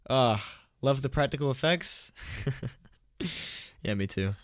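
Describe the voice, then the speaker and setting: A man with a medium-pitched voice reads a horror story slowly on a live stream from home, the recording dry. Stumbling and laughing at his own slips, he chats with donors and thanks them between passages.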